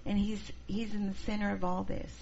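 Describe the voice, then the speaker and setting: Middle aged woman teaching church class, gravelly voice, acts out what people say, kinda dull lo-fi recording. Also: mid-range voice, a little fast. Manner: expressive, acts out quoted people. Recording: dull lo-fi recording, faint noise.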